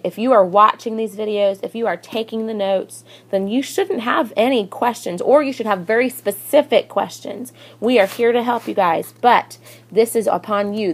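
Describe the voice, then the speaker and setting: A young woman teacher giving a recorded grammar lesson in a chatty way, reading example sentences in lively voices. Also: mid-range voice.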